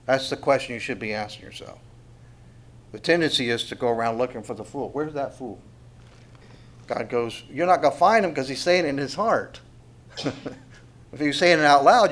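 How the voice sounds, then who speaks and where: A middle-aged man teaching a Bible passage verse by verse, talking conversationally, asking rhetorical questions and leaning hard on key words. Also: mid-range voice. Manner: conversational, asks rhetorical questions, dynamic emphasis.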